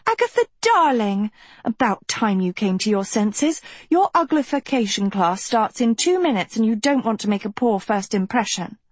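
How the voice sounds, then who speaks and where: A woman's voice: medium pitch, expressive, normal speed, hardly any pauses, slightly rough, no echo. A woman voicing a vain, self-absorbed teenage girl who fancies herself a princess, sugary and bossy. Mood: gushing.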